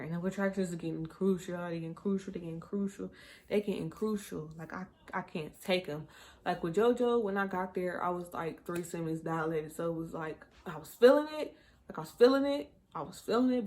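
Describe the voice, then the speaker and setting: Animated young woman telling a story. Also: fairly low pitch. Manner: animated, acts out quotes. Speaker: vlogger telling her birth story. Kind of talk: casual storytime.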